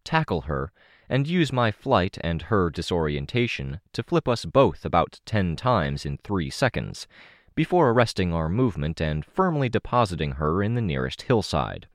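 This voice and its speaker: A man narrating an audiobook in the first person, in a steady, measured reading. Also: deep voice, no echo, studio quality.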